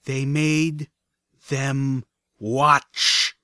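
A man voicing a determined, troubled young female unicorn pony who speaks quietly and insistently. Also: medium pitch, lively intonation, moderate pace, no room sound, clean studio sound, lightly acted.

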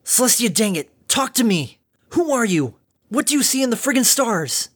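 A man's voice: mid-range voice, normal speed, close to an everyday voice. Man doing a weary, bitter old-soldier mare. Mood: frantic. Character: weary battle-scarred adult mare pony.

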